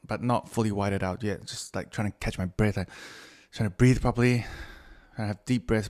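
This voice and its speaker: A middle-aged man hosting a podcast by himself, drifting from topic to topic. He swears freely and jokes at his own expense. His voice sits at an ordinary male pitch. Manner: profane, rambling, self-mocking. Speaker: podcast host. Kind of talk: casual solo podcast monologue.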